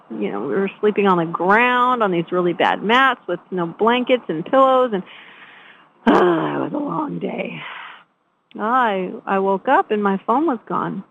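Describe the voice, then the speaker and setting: A woman host telling a personal story in a chatty, animated way, often restarting her sentences. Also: fairly high pitch, slight background noise. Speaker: show host. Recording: tinny phone-line sound.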